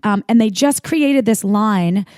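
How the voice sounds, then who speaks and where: A woman co-hosting a casual chat show, speaking at a middling pitch. She rambles happily with fillers and restarts. The sound is dry and close to the mic. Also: unhurried, darkish tone, no room sound. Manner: chatty, many fillers and restarts. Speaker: podcast co-host.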